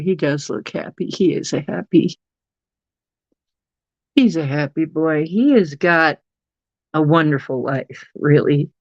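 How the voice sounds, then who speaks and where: A slow, unhurried livestream host rambling through casual chat, reading out viewers' messages and cooing at pets. The sound is dry and close, with a dull, lo-fi mic. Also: mid-range voice, no echo. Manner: rambling, chatty, reads chat aloud; coos softly at pets.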